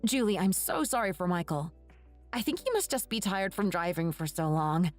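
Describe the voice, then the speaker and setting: A woman voicing an indignant young wife in an animated story, scolding in a shocked way. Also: fairly low pitch, moderate pace, soft background music, natural voice. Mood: apologetic.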